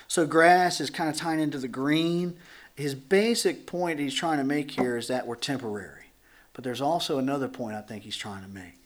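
A man's voice: medium pitch, normal speed. A man preaching as a pastor in a church, teaching through a Bible passage in a conversational way, acting out voices and joking with the congregation. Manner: animated, acts out dialogue, jokes with the congregation.

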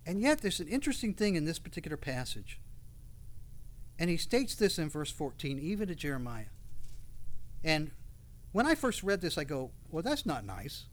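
A man's voice: a little high, sing-song, moderate pace, pauses often. A man preaching a sermon, reading scripture aloud and building to passionate, raised outbursts. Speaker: pastor.

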